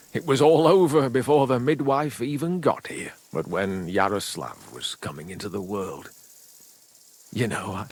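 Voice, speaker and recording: A husky-voiced village father from a medieval game, grieving his son and bitter toward the midwife he blames. He talks slowly, brooding over each phrase before flaring into anger. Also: mid-range voice. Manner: slow, brooding, rising to angry bursts.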